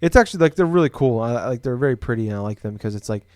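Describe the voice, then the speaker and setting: A man's voice: medium pitch, lively intonation, very fast, darkish tone, no echo, studio quality. A young man from Iowa co-hosting a casual podcast, rambling with lots of fillers and restarts. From Des Moines, Iowa. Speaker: podcast co-host. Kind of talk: casual chat.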